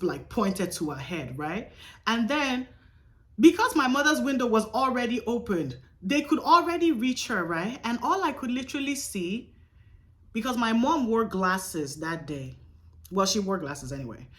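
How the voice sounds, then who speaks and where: A young woman vlogger telling a dramatic personal story in a casual, emphatic way, swearing freely. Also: mid-range voice. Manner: animated, profane, emphatic retelling.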